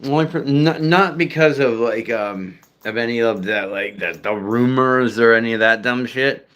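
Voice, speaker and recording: Casual male streamer, middle pitch, meandering and crude, self-mocking chat. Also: normal speed, fairly bright tone. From United States. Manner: rambling, profane, self-deprecating, many fillers. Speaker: streamer chatting with viewers.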